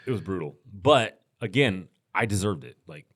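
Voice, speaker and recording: Deep-voiced American man telling a story. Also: moderate pace, slightly rough, no room sound, clean studio sound. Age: middle-aged. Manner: relaxed, rambling anecdotal delivery with restarts. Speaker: podcast guest, firearms instructor. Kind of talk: casual storytelling in interview.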